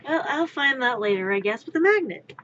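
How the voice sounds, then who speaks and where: A woman's voice: high voice, very animated, fairly quick, fairly bright tone, lo-fi sound, slight background noise. A woman streaming live from her room as she works on a craft, talking to herself and half-whispering pleas at her work. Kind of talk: live-stream self-talk while crafting.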